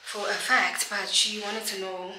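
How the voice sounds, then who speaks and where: A woman's voice: medium pitch, level tone, unhurried. A woman from South Africa, a realtor, chatting casually to camera in a self-mocking way and often out of breath. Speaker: realtor vlogger. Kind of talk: casual vlog talk to camera. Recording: echoey room with loud background noise.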